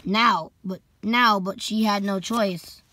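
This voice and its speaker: A young woman reading a children's book aloud slowly, stumbling over names and dropping sarcastic asides. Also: medium pitch, fairly even intonation, background noise. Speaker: storybook reader.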